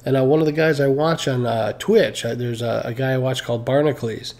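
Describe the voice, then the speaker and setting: A man talks loosely to his live-stream viewers in a gravelly, mellow voice. He rambles, restarts sentences and fills pauses with "uh" and "you know". He sounds tired and pokes fun at himself. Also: medium pitch, fairly even intonation. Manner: rambling, hesitant, many fillers and restarts; self-mocking, laughs at own stories.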